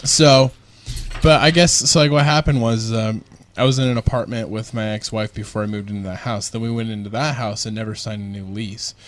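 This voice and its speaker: A man's voice: fairly low pitch, fairly even intonation, brisk. A young man hosting a casual podcast, rambling and self-mocking, laughing often as he talks. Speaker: podcast host. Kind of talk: casual chat.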